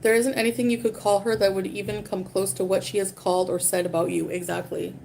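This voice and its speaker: A woman's voice: mid-range voice, level tone, quick pace, creaky, a little mellow, slight background noise. A woman livestreaming, ranting casually in a dismissive, profane and rambling way.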